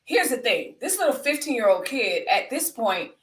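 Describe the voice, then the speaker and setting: A woman's voice: fairly high pitch, sing-song, moderate pace, far from the mic. A woman from the United States hosting a live stream, commenting on the news and talking to her chat in an emphatic, conversational way that repeats points for stress. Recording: roomy sound, away from the mic.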